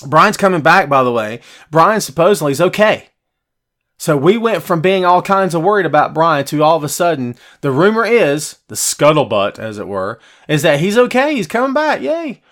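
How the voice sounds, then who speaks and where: Passionate opinionated man, slightly high voice. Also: big pitch swings, moderate pace, a bit bright. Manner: passionate, opinionated, blunt ranting; casual slangy talk with many repeats. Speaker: wrestling podcast host. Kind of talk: casual livestream chat, answering viewer comments.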